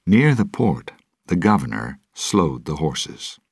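Male storybook narrator, very deep and husky, slow and expressive, dry close recording. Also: no room sound. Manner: measured, dramatic reading.

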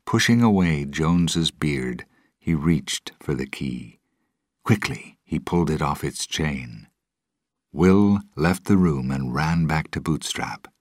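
Very deep, slow male storybook narrator. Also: lively intonation, no echo, clean studio sound. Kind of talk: storybook reading.

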